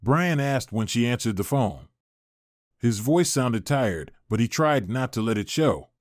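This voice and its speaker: Male narrator, scripted drama storytelling, expressive with a lively pitch. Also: a little slow, no room sound, clean studio sound.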